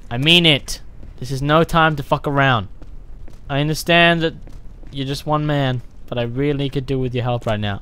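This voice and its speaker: A man giving loud, excitable, profane let's-play commentary while playing a survival horror game. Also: on the high side, moderate pace, smooth. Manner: excitable, profane, yelling reactions. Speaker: gaming channel host.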